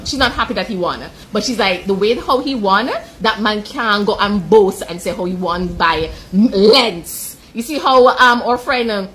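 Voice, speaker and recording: A woman's voice: mid-range voice, fairly bright tone. Chatty woman, emotional. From Jamaica. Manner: emotional, chatty, peppered with "like", quick laughs. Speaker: sports reaction commentator. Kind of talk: casual chat.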